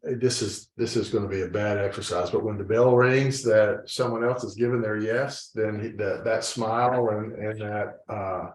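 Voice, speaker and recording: A man with a lowish voice talks haltingly in a casual discussion and often restarts his sentences. He sounds far from the mic in a roomy, echoing space. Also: steady tone, a little hiss or hum. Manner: halting, restarts phrases while searching for words. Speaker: discussion group member. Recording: echoey room, distant mic.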